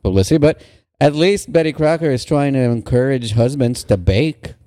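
A man's voice: medium pitch, moderate pace, mellow. A man co-hosting a comedy podcast, reading old ads aloud in a sarcastic, profane casual chat. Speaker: podcast co-host.

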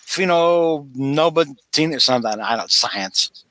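A man hosting a casual podcast chat, recapping a story in an animated way and acting out the characters' lines. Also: fairly high pitch, measured pace, no echo. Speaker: podcast co-host recapping a comic.

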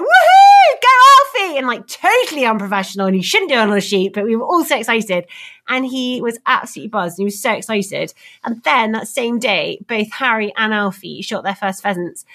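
A woman guest in casual podcast chat, telling lively, excitable stories. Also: fairly high pitch, brisk. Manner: lively, excitable storytelling with laughter.

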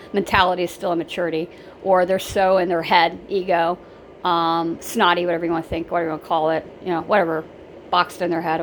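A woman's voice: lowish voice, slight background noise, low-quality recording. A woman giving blunt life advice in a rambling casual monologue, repeating herself and using lots of fillers.

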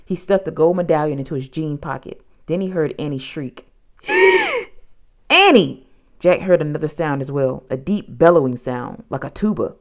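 A woman narrating a children's storybook in an expressive, dramatic way. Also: low-pitched, brisk, few pauses.

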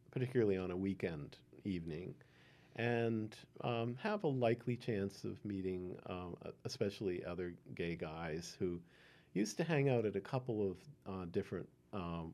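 Older man reminiscing, low and lively. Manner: unhurried, many ums, chuckling. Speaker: oral history interviewee. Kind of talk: reminiscing storytelling.

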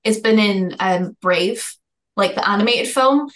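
A woman chatting as a podcast guest, her voice at a middle pitch. She speaks casually and pauses with fillers to find her words. Her delivery stays loose and informal. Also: fairly bright tone.

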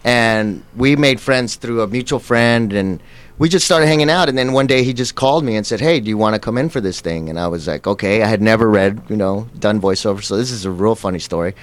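A man guest in an interview, telling stories in a casual, animated way and acting out quoted lines. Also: fairly low pitch, fairly quick. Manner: animated, acts out quotes with laughs. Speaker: actor guest.

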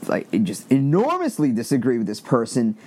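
A middle-aged man from Long Island with a slight Long Island accent, talking in a rambling, animated monologue and swearing freely as a podcast host. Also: medium pitch, moderate pace. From Long Island, New York. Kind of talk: casual opinion monologue.

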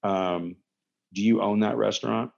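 A man doing a low, lecturing friend. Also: fairly even intonation, creaky, highs cut off. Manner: low, measured scolding. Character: calm, lecturing adult male friend.

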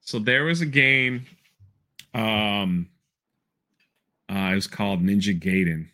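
A man hosting a podcast, chatting casually and telling animated stories, often breaking into laughter. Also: fairly low pitch, slow pace. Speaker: podcast host.

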